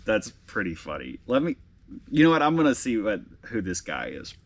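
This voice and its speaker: A man in his thirties with a fairly low voice talks casually through a vlog, reading messages aloud. He sounds emotional and halting, often restarting his sentences. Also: wildly swooping pitch, creaky. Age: 30s. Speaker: vlog host and tattoo artist.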